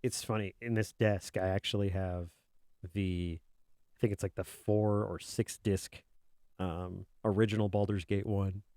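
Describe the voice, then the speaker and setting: A man's voice: lowish voice, flat delivery, a little slow, dark tone, no room sound, studio quality. A man chatting casually on a stream, rambling and joking as if he were a kobold. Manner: rambling, joking, speaks as a kobold in his own voice. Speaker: art streamer. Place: indoors at a desk.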